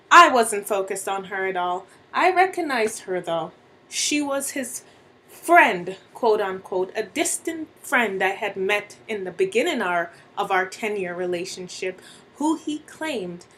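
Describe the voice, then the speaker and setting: A woman narrates a first-person story at an unhurried, measured pace. She pauses often, with faint background noise behind her voice. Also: mid-range voice, a bit bright, low-quality recording. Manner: slow and deliberate, with dramatic pauses.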